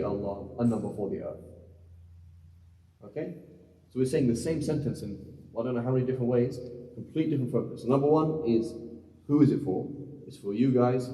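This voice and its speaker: A man teaches a class in a mellow, dark voice, often asking questions and going over each point again. He sounds far from the mic in a big hall with a long, echoing reverb. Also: mid-range voice. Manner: questioning, repeats points to students. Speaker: Islamic teacher. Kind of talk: classroom lecture on Quranic Arabic. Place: large hall, mosque center.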